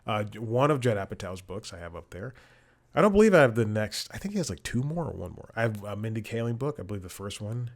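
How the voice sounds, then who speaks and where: A man's voice: fairly low pitch, sing-song, quick pace. A young man hosting a podcast, chatting in a rambling, frustrated way with many restarts and asides. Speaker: podcast host. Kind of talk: casual chat.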